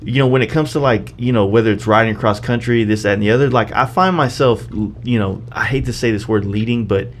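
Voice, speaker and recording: A man's voice: fairly low pitch, fast talker, few pauses, slight background noise. A man hosting a podcast in casual chat, laid-back and swearing now and then. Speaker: podcast host.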